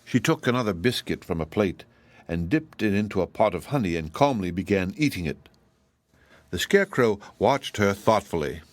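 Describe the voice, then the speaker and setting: A man narrating a classic children's fantasy audiobook in a measured storytelling manner. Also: fairly low pitch, lively intonation, no echo. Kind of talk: scripted narration.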